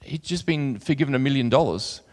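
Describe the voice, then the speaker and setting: A man's voice: mid-range voice, animated, fairly quick. A man giving a sermon, earnest as he reads scripture aloud and chatty in his asides. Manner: conversational asides with fillers. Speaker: preacher. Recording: long hall reverb.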